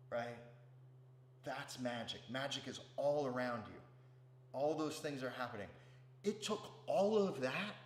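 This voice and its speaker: Speaking in a mid-range, fairly bright voice, a man teaches meditation through a laid-back, swear-filled spiritual talk. He keeps asking "right?" to check in with listeners, and the recording is roomy with a slight hum.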